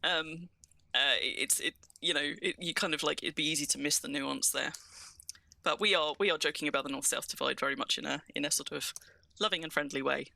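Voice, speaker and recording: Bright chatty southern English woman. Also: sits low, fairly quick, vocal fry. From southern England. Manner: chatty, self-mocking, rambling. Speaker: streamer, co-host. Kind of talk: casual gaming chat.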